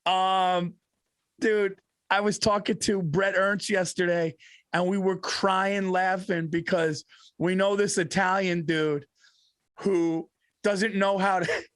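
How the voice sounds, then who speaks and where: Male podcast co-host, animated storyteller, high pitch, dry sound, lots of laughter. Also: dry recording. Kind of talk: casual comedic chat.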